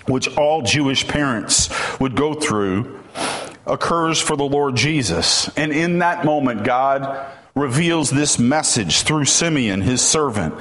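A man's voice: mid-range voice, a bit bright. A man preaching a sermon as a pastor, telling stories and building to emphatic points.

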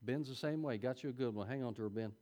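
A middle-aged man delivers a sermon to his Sunday school class in a folksy, conversational way. His voice sits in a middle pitch, and it swings from quiet asides to sudden loud peaks. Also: fast.

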